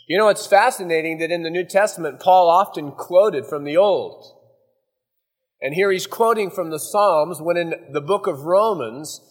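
Folksy preacher man in a reverberant hall. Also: on the high side. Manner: folksy, conversational preaching with acted-out asides. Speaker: pastor. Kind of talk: verse-by-verse sermon.

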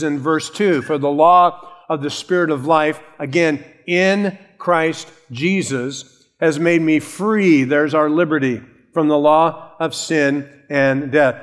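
A man preaching a sermon, measured and emphatic, stretching out key phrases slowly. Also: fairly high pitch. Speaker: pastor.

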